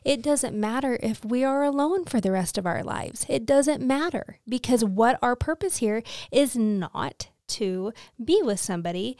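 A woman's voice: fairly high pitch, animated, a little slow, few pauses, darkish tone, no room sound, studio quality. A woman and mother co-hosting a faith podcast, speaking in an encouraging, affirming way. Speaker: podcast co-host.

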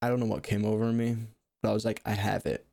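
A man's voice: lowish voice, level tone, fast, creaky, warm tone, no room sound, clean studio sound. A young man telling rambling, self-mocking comic stories in casual talk, laughing at his own jokes. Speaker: storyteller. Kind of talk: casual comedic storytelling.

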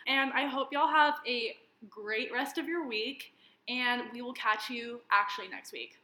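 A woman's voice: on the high side, measured pace, bright, forceful tone, roomy sound. A young woman co-hosting a casual podcast, blunt and passionate, swearing freely as she talks. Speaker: podcast co-host.

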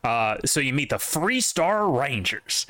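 A man rambles through a casual podcast chat about a video game, full of fillers and restarts. His voice sits at a middle pitch and sounds dry and close, with little room around it. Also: very animated, slow, a bit bright, no echo. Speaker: podcast co-host.

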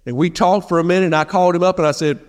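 A man's voice: high-pitched, steady tone, racing, long reverb tail. A male pastor preaching a sermon in a conversational, emphatic way, often repeating key phrases for weight. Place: church sanctuary.

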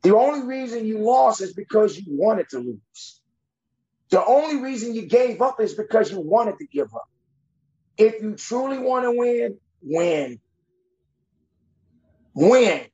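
A coach with a high, lively voice that swings widely as he talks. He is blunt and emphatic, with a tough-love manner. The sound is dull and lo-fi. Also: measured pace. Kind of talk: podcast conversation.

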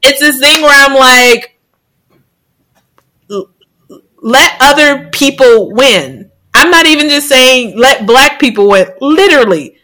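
A woman's voice: high voice, lively intonation, slow pace, pauses often, pushed and bright, poor audio. A woman co-hosting a podcast in casual chat, frank and blunt, and she swears freely. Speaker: podcast co-host.

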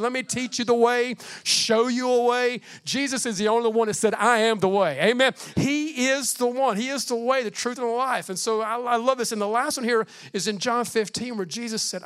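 High-voiced preaching pastor. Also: male voice, clear, resonant tone. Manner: preaching with swings from loud emphasis to hushed, slow delivery; calls out "Amen" between points. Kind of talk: sermon.

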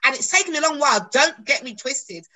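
A middle-aged British woman with a bright, clear tone, speaking as a guest on a podcast. She tells lively stories and slips into the voices of the people in them. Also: high voice, quick pace, low-quality recording. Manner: animated storyteller acting out dialogue. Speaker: actress guest. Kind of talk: podcast conversation.

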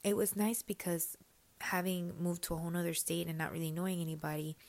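A woman giving a personal faith testimony, switching between Spanish and English mid-sentence in a soft, confiding way that often sinks to a whisper. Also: fairly low pitch, level tone, fast talker. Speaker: church member sharing her testimony.

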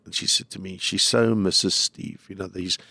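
Man, gravelly voice, fairly low pitch, dry close sound, rambling emotional chat. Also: fairly even intonation, normal speed, bright, forceful tone, no echo. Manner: rambling, jumps between thoughts. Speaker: comedian guest.

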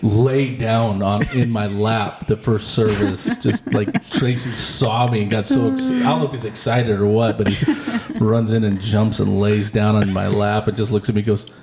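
A man co-hosting a podcast interview, telling stories in a lively way and laughing often. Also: on the low side, normal speed, a crowd in the background. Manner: animated storyteller, laughs often, acts out quotes. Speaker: podcast co-host. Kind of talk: casual interview chat.

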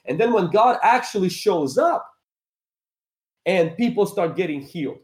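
A man with a slightly high voice makes his case like a preacher, pressing each point harder as he goes. He is recorded in a roomy space with a noticeable echo. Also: animated, a little slow. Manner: emphatic, builds in intensity. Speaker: pastor, guest. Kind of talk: earnest preaching-style discussion.

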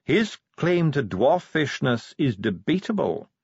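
A man's voice: mid-range voice, sing-song, unhurried, gravelly, darkish tone, husky, no room sound, dull audio, pitched above the performer's own voice, heavily acted. A man voicing a haughty, disdainful male dwarf steward in an audiobook, speaking in a pompous, clipped, condescending way. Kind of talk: audiobook character voice.

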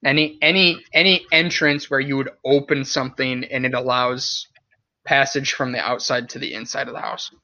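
Bright-voiced young man telling a story. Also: medium pitch, fairly even intonation, normal speed, no room sound, highs cut off. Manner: laughs often, swears casually. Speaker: podcast host. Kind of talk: casual storytelling chat.

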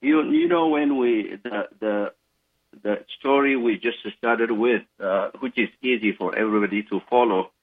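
A man's voice: medium pitch, moderate pace, narrow, tinny audio. A middle-aged man from Ethiopia, a guest on a radio interview, speaking thoughtfully with restarts. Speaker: guest minister.

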